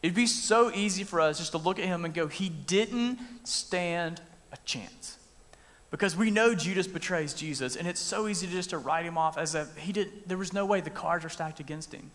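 A man gives a casual, conversational sermon in a brisk voice that sits a bit high for a man and has a fairly bright tone, pausing little and acting out scenes as he speaks. His voice rings with long reverb in a large room.

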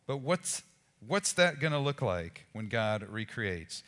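A man preaching a sermon as pastor, in a conversational, animated way with casual asides to the congregation. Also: mid-range voice, takes it slowly, in a large hall.

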